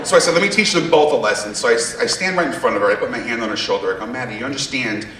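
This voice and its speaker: A man's voice: mid-range voice, very animated, very fast, a bit bright, a little hiss or hum. A male stand-up comedian, brashly teasing the audience during his routine. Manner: brash, teasing the crowd with asides. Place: theater stage with a live audience. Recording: echoey theater from far off, audience laughter.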